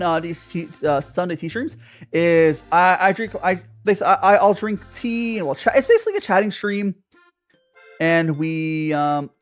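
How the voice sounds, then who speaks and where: A woman streamer chatting casually with her viewers, bubbly and quick to laugh. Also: medium pitch.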